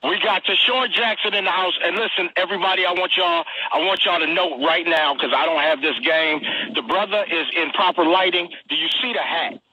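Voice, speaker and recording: A man hosting a live streamed interview, talking in an energetic, slangy hype style and repeating himself a lot. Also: high voice, brisk, few pauses, slightly rough, no echo, lo-fi sound. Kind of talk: hyped casual live interview.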